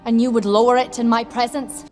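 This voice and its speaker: A woman plays an imperious young queen in a period drama, with a Scottish accent. Her voice is high. It carries a long reverb, and music plays clearly under it. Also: level tone, fairly quick, darkish tone, close to an everyday voice.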